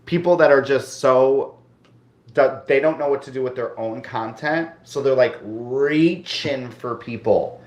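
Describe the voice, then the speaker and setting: A man chatting casually with friends, lively, often quoting what others said. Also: medium pitch, a little slow. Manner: lively, quotes people. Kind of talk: casual group chat. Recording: echoey room.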